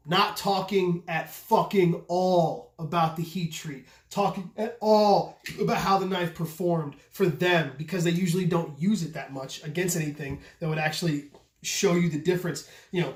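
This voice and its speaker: A man who runs a knife channel, talking loudly and passionately in a casual rant, swearing freely and asking rhetorical questions. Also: high-pitched, fairly even intonation, moderate pace. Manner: loud, passionate, voice carries; profane, repetitive restarts, rhetorical questions. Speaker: custom knife maker and channel host. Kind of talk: casual opinion rant to camera. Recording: echoey room.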